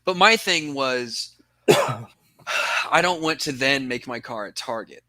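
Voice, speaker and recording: A man's voice: mid-range voice, animated, measured pace, pushed and bright, dry recording. A young man on a podcast, telling a story in rambling casual chat and swearing a lot. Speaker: podcast co-host.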